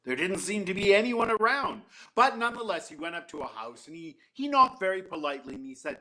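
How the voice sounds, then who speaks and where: A man telling a folktale to an audience, animated and with frequent restarts. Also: high-pitched, fairly quick, hardly any pauses. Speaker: storyteller.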